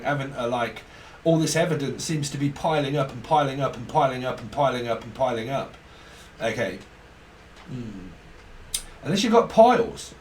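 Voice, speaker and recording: Heard from a distance in an echoey room with a faint hiss, a man of medium pitch does a casual tarot reading. He rambles, free-associates, and cracks jokes while staying off-mic.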